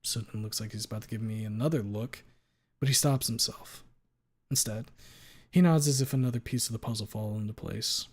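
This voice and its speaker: A man reading a story aloud on a live stream, steady in delivery, with playful asides when he slips. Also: fairly low pitch, brisk.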